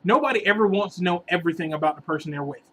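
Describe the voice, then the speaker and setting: A man telling a long, rambling relationship story in a casual vlog, animated and sometimes bursting into exasperated outbursts. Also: sits high, very fast, low-quality recording. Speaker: vlogger giving relationship advice.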